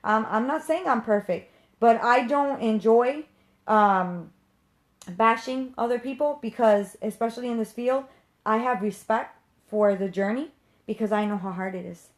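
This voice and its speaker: A woman speaking in a fairly high voice, ranting straight to her viewers in an unscripted live stream. She is a medium who teaches others, and she talks with blunt passion and heavy emphasis, swearing casually along the way.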